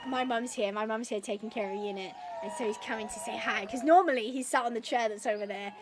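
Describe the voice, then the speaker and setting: A woman's voice: a little high, fast, noisy background. A woman hosting a gaming livestream from home, chatting casually and bubbly with her viewers as she reads the chat. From United Kingdom.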